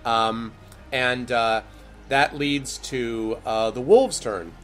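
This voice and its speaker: A man's voice: medium pitch, steady tone, very slow, soft background music. Hesitant man running a tabletop game. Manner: hesitant, filler-heavy. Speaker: game master.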